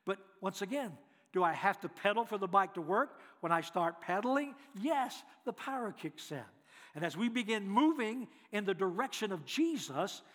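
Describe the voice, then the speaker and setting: A man preaching as a guest speaker, telling folksy stories in an animated way and acting out voices. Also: sits high, big-room sound. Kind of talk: storytelling sermon.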